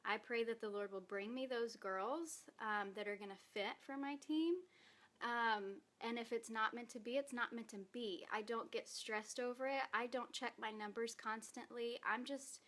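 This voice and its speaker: A woman's voice: a little high, steady tone, moderate pace, a bit bright. A woman giving an earnest, emotional personal testimony in a vlog, reading from her own post while holding back tears. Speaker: direct sales distributor.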